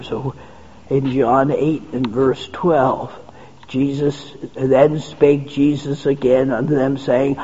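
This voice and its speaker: A man's voice: on the high side, a little mellow, breathy edge. A man preaching a sermon with an emphatic, repetitive cadence, drawing out phrases and quoting scripture. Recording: dull sound with long reverb in a hall.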